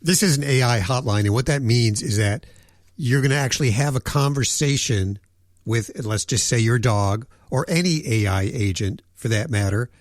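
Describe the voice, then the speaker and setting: An easygoing male radio host talks casually with his co-host. His voice sits at a middle pitch. The studio sound is dry. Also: normal speed, no room sound.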